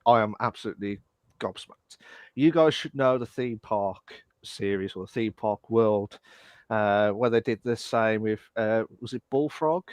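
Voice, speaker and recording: A man's voice: medium pitch, no echo, studio quality. A man co-hosting a podcast in casual chat, playful and given to silly voices. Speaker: podcast co-host.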